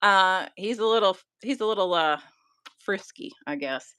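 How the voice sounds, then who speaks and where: Bright-voiced Southern woman chatting. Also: mid-range voice, moderate pace, clear, resonant tone, no room sound, clean studio sound. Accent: Southern US, mild. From Georgia, US. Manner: chatty, self-deprecating, laughs often. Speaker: guest crafter. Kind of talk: casual livestream chat.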